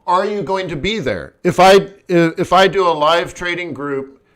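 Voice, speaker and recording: Animated man telling a stream story. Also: sits high, a little slow. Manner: animated, acts out quoted people. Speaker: forex trading host. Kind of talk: live stream chat and storytelling.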